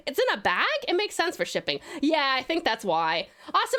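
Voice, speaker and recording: A bubbly woman chatting on a live stream, warmly greeting viewers by name and showering them with pet names. Her voice is high and very lively, swooping up and down. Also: a little slow. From Tasmania, Australia. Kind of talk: casual live-stream chat.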